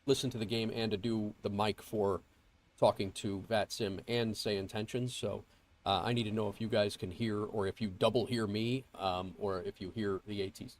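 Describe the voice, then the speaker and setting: A congested man hosts a flight sim livestream, his voice a little low and stuffy from a cold. He rambles along in casual chat, full of fillers and false starts, calling out viewers by name. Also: fairly even intonation, normal speed, a little hiss or hum. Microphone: earbuds mic.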